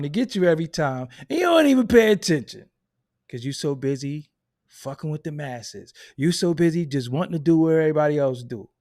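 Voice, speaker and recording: A man hosting a hip hop commentary channel, delivering a loud, profane, unfiltered rant and laughing at his own points. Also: fairly high pitch. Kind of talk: unfiltered ranting monologue.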